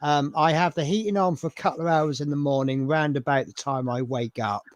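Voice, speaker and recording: A man's voice: a little high, fairly quick, no echo. A man hosting a live model-building stream, chatting in a rambling, self-mocking way. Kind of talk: casual live-stream chat.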